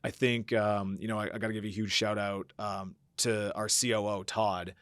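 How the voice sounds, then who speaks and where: A man's voice: fairly low pitch, flat delivery, moderate pace, a bit bright, dry recording, studio quality. A man talking as a podcast guest, reflecting at length with many fillers and acting out his own quoted thoughts. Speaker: podcast guest, company founder. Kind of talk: reflective conversational interview.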